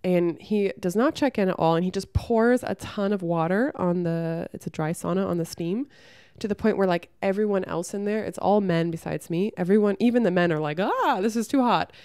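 A young woman talking frankly to camera, giving relationship advice and telling a story from her own life with lively acted-out quotes and some swearing. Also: lowish voice, fairly quick, clean tone, dry recording, studio quality. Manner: frank and blunt, swears freely; lively storyteller who acts out the people she quotes. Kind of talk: casual advice monologue with storytelling.

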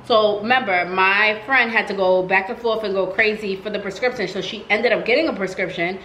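A woman's voice: mid-range voice, a little fast, echoey room, slight background noise. A woman vlogger telling a personal story in a casual, chatty storytime style, peppering her talk with "like.". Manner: chatty, animated, heavy use of "like".

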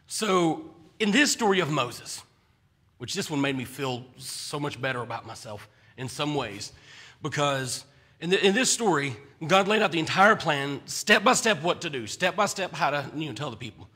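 A man's voice: fairly high pitch, big pitch swings, normal speed, bright, forceful tone, slightly rough. A man preaching a conversational sermon in a church, often stumbling and restarting his words.

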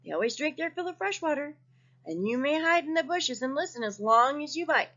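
A woman reading a picture book aloud to children, expressive and asking her young listeners questions. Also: high-pitched, fairly quick. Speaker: children's story reader. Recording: dull lo-fi recording.

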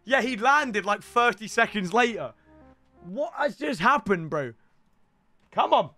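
A young man giving live commentary on his gameplay, excitable and often shouting and ranting at the game. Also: sits high, unhurried, faint music behind. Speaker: gaming YouTuber.

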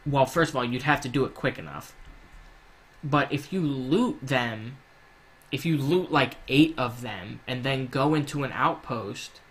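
A man's voice: medium pitch, fairly bright tone. A man giving casual, rambling gameplay commentary, swearing often and drifting into rants. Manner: rambling, profane, ranting. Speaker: gaming YouTuber.

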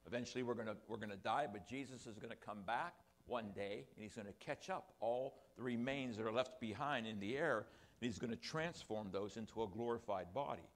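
A man's voice: on the low side, brisk. An older man preaching a sermon to his congregation, with rambling, self-deprecating asides. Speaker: pastor. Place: church sanctuary.

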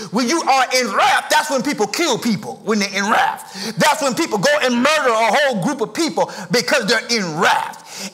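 A middle-aged man preaches in a church, his voice pitched unusually high for a man. His tone is bright and forceful, and his delivery climbs into sing-song rises and shouted emphasis. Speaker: pastor. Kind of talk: sermon. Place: church sanctuary.

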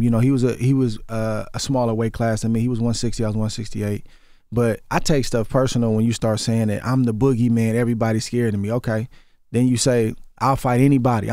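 The guest is an earnest ex-boxer in his forties, born in Oakland, California, whose Bay Area accent comes through as he chats casually in a radio studio interview and repeats words to build his argument. His voice is mid-range with a darkish tone, captured by a studio microphone in a dry recording.

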